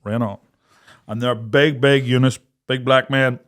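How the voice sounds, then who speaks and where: A man's voice: medium pitch, moderate pace. Swearing Irish man telling a story. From Ireland. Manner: animated, laughing, swears freely, acts out quotes. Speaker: podcast co-host. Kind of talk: casual storytelling chat.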